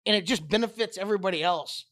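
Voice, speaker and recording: A man's voice: high voice, quick pace. Blunt, swearing man co-hosting a podcast. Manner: blunt, profane, animated storyteller. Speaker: podcast co-host. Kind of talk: casual sports podcast chat.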